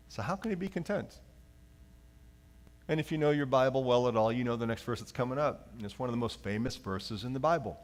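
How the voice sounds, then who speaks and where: Animated male pastor preaching a sermon. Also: mid-range voice, fast. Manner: animated preaching, slips into acted voices; leads the congregation in reading aloud.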